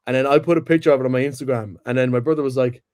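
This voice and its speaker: A young man co-hosting a sports podcast, chatting excitedly and swearing freely. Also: mid-range voice, racing. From Ireland or UK. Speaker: podcast co-host. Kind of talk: casual chat.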